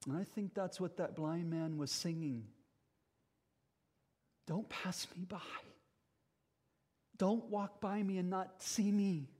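A man's voice: high voice, fairly even intonation, takes it slowly, pauses often, a little mellow. A man preaching a sermon as pastor, earnest and emphatic, speaking directly to his congregation.

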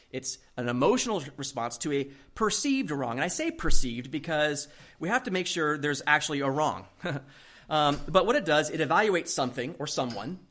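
Guy preaching a sermon, kinda high voice, tells stories all animated, laughs a lot. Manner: animated storytelling, laughs often. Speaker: pastor. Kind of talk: sermon with personal story.

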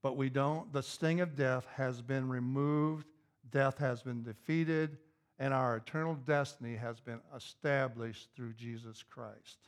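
A pastor preaching a sermon, repeating key phrases and building to an emphatic, raised intensity. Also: male voice, medium pitch, steady tone, a little slow.

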